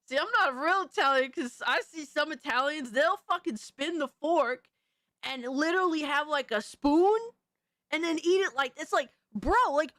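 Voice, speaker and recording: A woman hosting a casual livestream, talking to her chat in a profane, animated, slangy way. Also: high-pitched, moderate pace, dry recording, clean studio sound. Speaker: livestream host reading chat.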